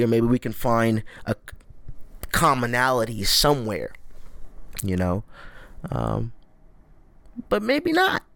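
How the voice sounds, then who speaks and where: Podcast host, man, twenties, slightly drunk, rambling and profane, lively up-and-down delivery, dry close sound. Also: medium pitch, no echo. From United States. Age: 20s. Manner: rambling, profane, self-mocking. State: a little drunk. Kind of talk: casual solo podcast monologue.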